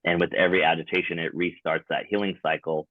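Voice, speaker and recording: Low-voiced man explaining, phone-thin sound. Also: level tone, fast talker, dry recording. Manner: explanatory, laid-back, frequent fillers. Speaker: tattoo removal specialist, podcast guest. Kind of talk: casual podcast chat. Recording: dry, phone-like narrow sound.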